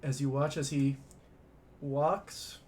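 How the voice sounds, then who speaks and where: A man narrating a tabletop role-playing scene as game master, in a slow, hushed, dramatic way. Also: medium pitch, level tone, a little hiss or hum.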